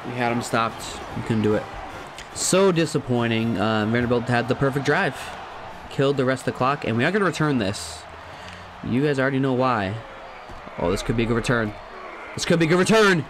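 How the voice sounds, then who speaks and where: Playing a football video game, this man talks a little fast at medium pitch against a noisy background. His let's-play commentary is chatty and thinking-aloud, with self-directed laughter and sudden loud shouts at big plays.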